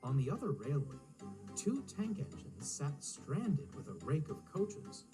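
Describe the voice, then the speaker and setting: Guy narrating a kids' train story, lively ups and downs, music under it. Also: fairly high pitch, unhurried, far from the mic. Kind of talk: storybook reading.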